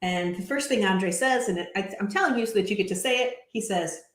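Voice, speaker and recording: A woman's voice: medium pitch, fairly quick. Giggly woman co-host in an echoey room. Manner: giggly, chatty storytelling. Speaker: podcast co-host. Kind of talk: casual recap chat.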